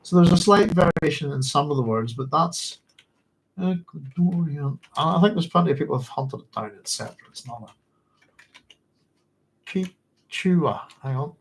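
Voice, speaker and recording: A man's voice: fairly high pitch, lively intonation, normal speed, creaky, pauses often, slight background noise, poor audio. Rambling man hosting a book club. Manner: rambling, self-correcting, laughs often. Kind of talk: casual book talk.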